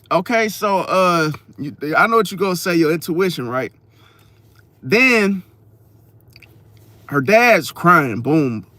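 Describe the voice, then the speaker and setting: A man telling a story in a casual vlog, slangy and profane, talking straight to his viewers with lively emphasis. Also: high-pitched, no echo. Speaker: astrology vlogger.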